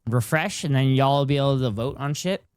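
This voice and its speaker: Excitable, swearing male streamer. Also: mid-range voice, quick pace, clear, resonant tone, no echo, clean studio sound. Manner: excitable, profane, chatty with viewers. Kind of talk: casual live-stream gameplay chat.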